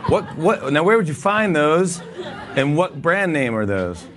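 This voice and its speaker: A man's voice: a little high, sing-song, unhurried, a bit bright, a faint crowd. A man hosting a casual interview, joking and teasing his guest and laughing often. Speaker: talk show host. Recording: noisy background.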